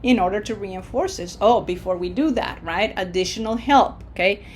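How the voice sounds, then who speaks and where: A woman teaching a recorded Spanish lesson, patient and encouraging, modeling words slowly for learners to repeat and checking in with frequent okays. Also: medium pitch, slight background noise. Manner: slow, patient, drills with repetition.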